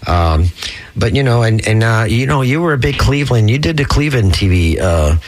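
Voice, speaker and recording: A man in his sixties hosting a relaxed talk show, chuckling and chatting easily with his guest. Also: medium pitch, brisk. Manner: easygoing, chuckling, backchannels. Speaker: host. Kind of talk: casual chat.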